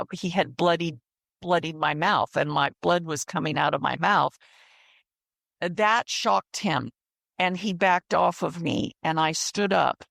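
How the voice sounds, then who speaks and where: A woman in her fifties recounts her past in a slow, deliberate way, her voice carrying a gravelly edge. She speaks with earnest, repetitive phrasing. The recording is close and dry. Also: on the low side, dry recording. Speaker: interview guest. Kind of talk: personal testimony in interview.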